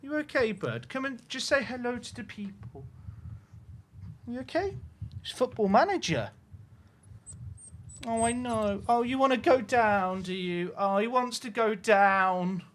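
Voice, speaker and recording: A man's voice: high-pitched, expressive, a little slow, slight background noise. A man on a headset mic, talking to his livestream chat while cooing to his dog in baby talk. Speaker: game streamer.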